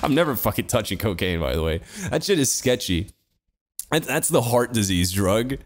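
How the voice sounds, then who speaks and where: A man's voice: fairly low pitch, expressive, moderate pace. A man, podcast co-host, telling a rambling story in casual chat, swearing and laughing often.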